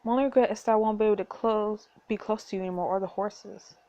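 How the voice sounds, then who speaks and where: A woman voicing a gentle, earnest, loyal young man who is the estate's master of horse in a story game. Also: mid-range voice, steady tone, fast, muffled recording, lightly acted.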